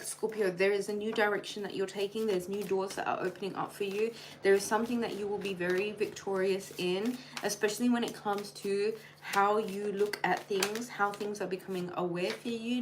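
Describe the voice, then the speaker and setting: A woman's voice: medium pitch, a little hiss or hum, poor audio. A woman live-streaming a tarot reading, chatty and playful, addressing each star sign directly. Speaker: tarot reader.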